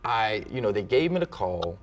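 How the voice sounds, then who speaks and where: An actor from New Orleans with a New Orleans accent, chatting in a relaxed interview and telling stories with halting restarts. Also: male voice, fairly low pitch. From New Orleans, USA. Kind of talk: casual interview chat.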